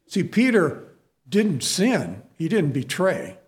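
A man's voice: high-pitched, big pitch swings, slow pace. A middle-aged man preaching a sermon in a conversational, self-deprecating way, full of asides to the listeners.

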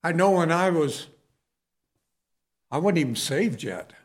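Slow, higher-pitched male preacher. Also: animated. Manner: storytelling, conversational preaching with rhetorical questions. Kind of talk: sermon.

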